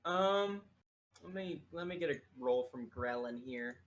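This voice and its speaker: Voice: medium pitch, animated, a little slow. A game master narrating a casual tabletop game, laughing often and filling gaps with ums. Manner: laughing, filler-heavy narration.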